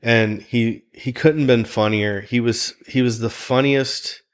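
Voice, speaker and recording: A man talking casually on a podcast, telling animated stories and laughing often. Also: mid-range voice, measured pace. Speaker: guest, fighters' chef.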